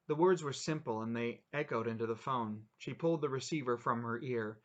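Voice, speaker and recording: Relaxed man reading his own stories. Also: medium pitch, brisk, few pauses, dull audio. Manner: relaxed, offhand asides. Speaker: channel host reading his own writing. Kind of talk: casual reading of short stories.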